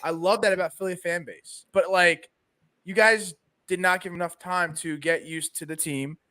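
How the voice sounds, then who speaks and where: Animated man on a sports podcast. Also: high voice, moderate pace. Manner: animated, reads sponsor spots. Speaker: podcast co-host. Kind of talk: casual sports chat.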